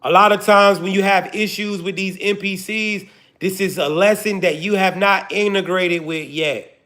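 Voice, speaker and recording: A man's voice: high-pitched, steady tone, normal speed, bright, forceful tone. A man, hosting a livestream and joking profanely to his chat before preaching his point. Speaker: livestream host. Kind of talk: casual livestream talk to chat.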